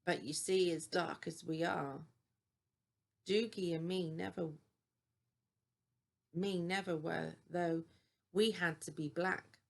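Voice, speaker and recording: A woman's voice: lowish voice, steady tone, slow, creaky, pauses often, full character voice. An older woman voicing a plain-spoken male engine, matter-of-fact, in a storybook. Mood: mild.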